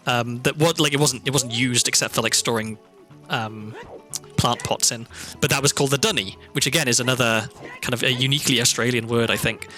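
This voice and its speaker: Welsh male streamer, bright mid-pitched voice, chatty and digressive play-by-play, faint background music. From Wales. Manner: chatty, rambling and thoughtful, often trailing into asides. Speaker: game streamer. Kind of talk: casual gameplay commentary.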